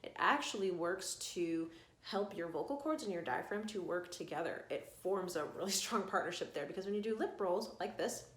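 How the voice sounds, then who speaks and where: A woman singing coach guiding an online vocal warm-up lesson, giving calm, coaxing instructions. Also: on the low side, normal speed, reverberant, a little hiss or hum.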